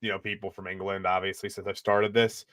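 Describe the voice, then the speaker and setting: A man's voice: low voice, flat delivery, brisk, a bit bright, no echo. Easygoing man, dry close sound. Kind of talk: casual review discussion.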